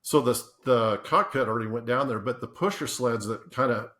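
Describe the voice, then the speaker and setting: Speaking at a normal speed in a mid-range, slightly bright voice, a male podcast guest shares relaxed stories during an interview. He keeps restarting, laughs a lot, and performs the quotes.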